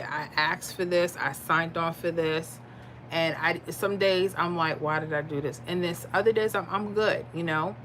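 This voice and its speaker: A woman chats with her viewers on a live stream, reading and answering their comments. She sounds tired but candid, and her voice sits slightly low. Faint room noise hums behind her. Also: fairly bright tone. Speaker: livestream host reading chat. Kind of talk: casual livestream chat.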